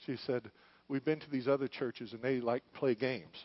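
A middle-aged male pastor preaching a sermon in church, moving between quiet, hushed lines and loud, fervent calls. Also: mid-range voice, fairly even intonation, normal speed, no echo, muffled recording. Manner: preaching, swings from hushed to shouting.

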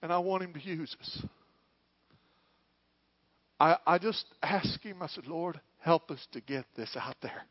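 Man preaching, swings from near whisper to loud calls, fairly high voice, dry and muffled. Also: a little slow, pauses often, no room sound. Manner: preaching, swings from hushed to shouting. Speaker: pastor. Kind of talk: sermon. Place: church.

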